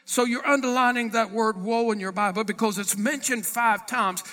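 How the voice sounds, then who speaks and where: A man's voice: high voice, fairly even intonation, moderate pace, hardly any pauses, sharp tone, big-room sound. A man preaching a sermon as pastor, acting out Bible conversations and reading scripture in old-fashioned wording. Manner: dramatic preaching, acting out dialogue with God.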